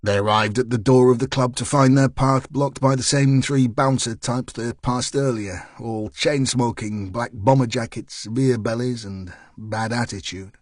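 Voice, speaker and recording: A man's voice: medium pitch, fairly even intonation, moderate pace, hardly any pauses, no room sound. Man narrating a crime audiobook, dry. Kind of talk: scripted narration.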